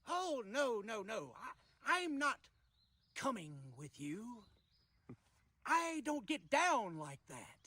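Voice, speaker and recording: A man's voice: very high-pitched, big pitch swings, slow pace, sharp tone, full character voice. A man playing a taunting, boastful redneck crook in a comedy sketch. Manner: taunting, drawling, mocking. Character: hillbilly Joker, boastful petty thief.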